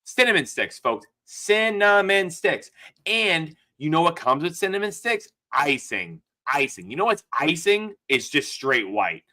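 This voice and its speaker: A man co-hosting a gaming podcast, telling stories in a casual, profane, animated way. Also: a little high, moderate pace, few pauses. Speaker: podcast co-host. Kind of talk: casual chat.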